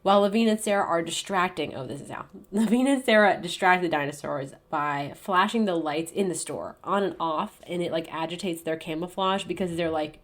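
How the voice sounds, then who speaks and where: A chatty woman co-hosting a podcast recaps a book casually, using lots of fillers and acting out characters' lines. Her lowish voice moves a little fast with few pauses, heard through a podcast mic over an online call.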